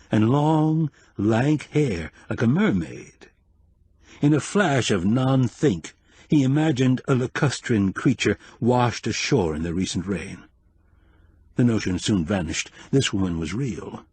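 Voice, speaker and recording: Husky, expressive male audiobook narrator. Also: medium pitch, dry recording. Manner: measured, expressive storytelling.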